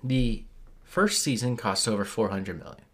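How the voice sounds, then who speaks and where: A man co-hosting a podcast in casual chat, passing on news in a wry, deadpan way. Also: fairly low pitch, normal speed. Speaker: podcast co-host.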